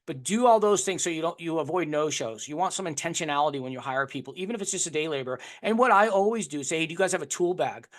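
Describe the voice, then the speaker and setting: Energetic man teaching, fairly high voice. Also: quick pace, hardly any pauses. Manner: energetic, repeats words and restarts often. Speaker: course instructor. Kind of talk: unscripted teaching talk.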